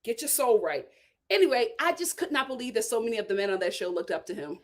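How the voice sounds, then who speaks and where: A woman giving casual, sassy commentary as a show reviewer, animated and laughing often. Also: a little high, very fast.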